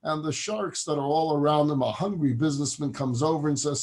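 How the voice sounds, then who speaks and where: A man's voice: fairly high pitch, a little fast. A man, a rabbi, telling a parable in a class and acting out its characters. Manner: animated, acts out the parable's characters. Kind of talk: storytelling lecture.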